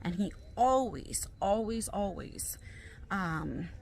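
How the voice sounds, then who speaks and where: A woman's voice: medium pitch, lively intonation, slow, creaky, a little mellow. A woman talks casually to her viewers while filming herself on a handheld phone. Her talk rambles and jumps between topics in a loose, chatty way. Faint background noise sits under her voice. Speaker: YouTuber. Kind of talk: casual vlog chat while shopping.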